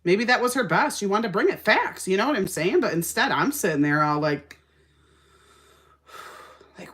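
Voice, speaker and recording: A woman's voice: medium pitch, normal speed, long pauses. A young woman talking casually and sassily while doing her makeup, telling a story with lots of feeling. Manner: sassy, animated storytelling. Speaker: makeup vlogger. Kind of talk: casual makeup-tutorial chat.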